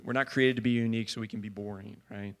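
A man preaching a sermon in a church, talking casually with many fillers and building to loud fervor. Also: on the low side, fairly even intonation, fast. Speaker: pastor.

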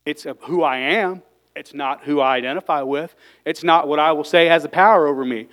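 Lay preacher, man, heartfelt and excitable; resonant, clean voice pitched a bit high. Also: moderate pace, rough recording. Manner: fervent, gets worked up, sighs and exclaims between points. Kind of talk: emotional sermon.

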